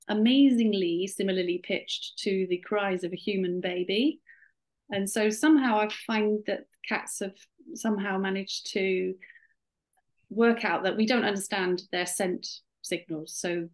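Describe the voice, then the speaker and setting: A woman's voice: mid-range voice, low-quality recording. A middle-aged woman, an author and scientist, talking casually over a video call with many restarts. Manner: chatty, warm, many restarts and "you know". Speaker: author and cat behaviour scientist, guest. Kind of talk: webinar interview.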